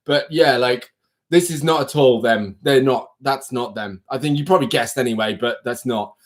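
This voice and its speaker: A man's voice: medium pitch, normal speed. Giggly, rambling male stream host. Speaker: livestream host. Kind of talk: casual chat.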